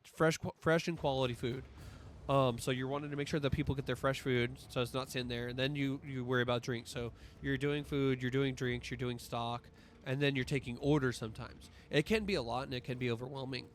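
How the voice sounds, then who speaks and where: A man's voice: mid-range voice, steady tone, a little fast, slight background noise. A man streaming, telling rambling, profane stories in casual chat, his voice a little strained from allergies.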